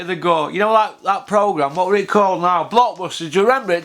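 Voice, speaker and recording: A man's voice: sits high, a little fast, few pauses, a bit bright, a little hiss or hum. A man, ranting bluntly to camera about boxing and swearing freely on a casual vlog. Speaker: boxing vlogger.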